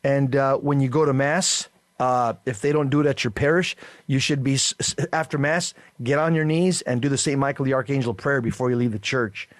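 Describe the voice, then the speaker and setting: A man's voice: medium pitch, steady tone, no room sound. Guy on catholic radio telling a story, lots of uh's and restarts, dry studio sound. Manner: halting storyteller with many fillers and restarts. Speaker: radio show co-host.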